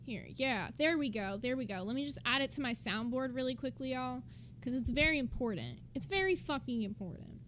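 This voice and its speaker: A woman's voice: sits high, lively intonation, a little fast, fairly bright tone, a little hiss or hum. A woman streamer giving blunt, profane, exasperated commentary while reacting to a clip.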